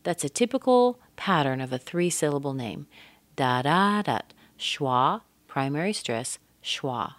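A woman teaching English pronunciation, modelling stress and intonation slowly and deliberately. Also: low voice, expressive, no room sound.

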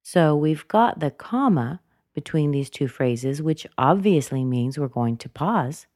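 A woman teaching a pronunciation lesson, speaking deliberately and demonstrating example sentences. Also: deep voice, animated, darkish tone, no room sound, clean studio sound. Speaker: accent coach.

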